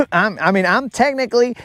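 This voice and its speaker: This American fishing streamer has a high, slightly bright voice, recorded with no room sound. He reads live comments casually, rambling, joking and dragging out his teasing.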